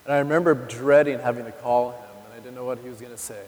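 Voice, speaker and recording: A man's voice: mid-range voice, fairly even intonation, fast talker, darkish tone. A man in his thirties giving a personal testimony sermon, talking candidly and directly to the audience. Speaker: preacher. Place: church hall. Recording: live recording in a reverberant hall.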